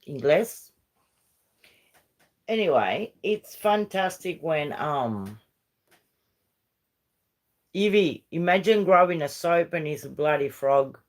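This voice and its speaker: A middle-aged woman hosts a relaxed livestream chat with viewers. She talks at an unhurried pace and wanders from story to story. She drifts easily between English and her Spanish. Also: deep voice. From Uruguay. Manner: rambling and chatty, switching between English and Spanish. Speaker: livestream host chatting with viewers. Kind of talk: casual live-stream chat.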